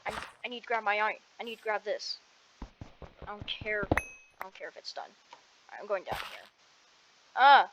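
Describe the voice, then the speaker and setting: A woman's voice: medium pitch, animated, fairly quick, long pauses, background noise. A woman chatting casually to herself while playing a game at her computer, rambling and breaking off mid-sentence, speaking into a cheap headset mic held away from her mouth. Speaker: gaming streamer. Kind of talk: casual gameplay commentary. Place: at a computer desk at home.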